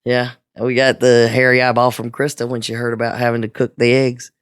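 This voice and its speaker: A woman co-hosting a podcast in casual chat, low-key, often trailing off and restarting. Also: level tone, brisk, clean tone, no echo, clean studio sound. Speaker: podcast co-host.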